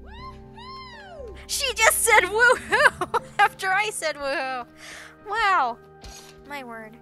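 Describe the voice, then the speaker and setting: Woman, high voice, unhurried, excitable gameplay chatter. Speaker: gameplay channel host. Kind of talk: casual game commentary. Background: game music.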